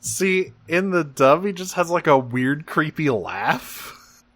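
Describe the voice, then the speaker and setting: A man's voice: fairly high pitch, animated, slow, a bit bright. A man co-hosting a podcast, recapping cartoon episodes in casual, rambling chat with laughs. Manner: rambling, laughing recaps with acted-out character quotes. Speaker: podcast co-host.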